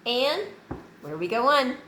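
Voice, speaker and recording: A woman's voice: sits high, very animated, unhurried, bright, forceful tone, reverberant, a little hiss or hum, poor audio. A woman hosting her own channel, talking casually and earnestly to viewers, encouraging them and repeating phrases for emphasis. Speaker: channel host. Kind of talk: casual faith vlog to viewers.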